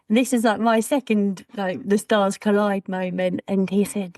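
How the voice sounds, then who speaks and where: A woman's voice: mid-range voice, moderate pace, no echo. Chatty woman telling stories. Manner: chatty, animated quoting of dialogue. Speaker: guest, brand designer. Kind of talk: casual interview storytelling.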